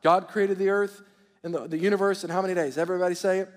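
High-voiced preacher in a reverberant hall. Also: male voice, steady tone, fast talker. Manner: call-and-response preaching, repeats words. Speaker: pastor. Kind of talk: sermon. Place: church sanctuary.

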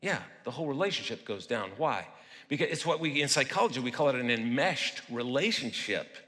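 A middle-aged man, a guest pastor and psychologist, delivers a sermon in a church auditorium, speaking conversationally and asking the congregation questions. His mid-range voice is expressive, sharp, and a little fast, with long hall reverb.

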